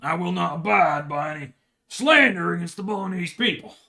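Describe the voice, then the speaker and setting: A man's voice: high voice, expressive, moderate pace, creaky, pushed and bright, slight background noise, heavily acted. A man playing outraged, indignant medieval townsmen. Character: indignant, offended medieval Bolognese townsmen, male.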